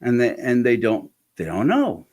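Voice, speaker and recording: Guy chatting as a guest, mid pitch, frank and lively, keeps restarting his sentences. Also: moderate pace. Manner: frank, animated, with frequent restarts. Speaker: interview guest. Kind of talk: candid conversational storytelling.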